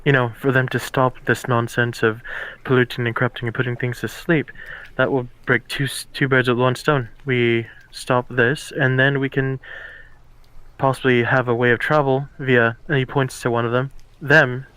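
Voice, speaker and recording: A man's voice: mid-range voice, little pitch movement, normal speed, fairly bright tone, clean tone, no room sound, low-quality recording. A man playing a tabletop game, narrating his character and speaking in character with earnest scheming. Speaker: player. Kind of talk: tabletop role-play, in-character speech.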